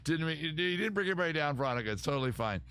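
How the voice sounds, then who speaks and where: A man's voice: fairly high pitch, animated, rapid-fire, fairly bright tone, smooth. A middle-aged man hosting a casual live stream, answering viewer comments in a rambling way, often restarting sentences and swearing casually.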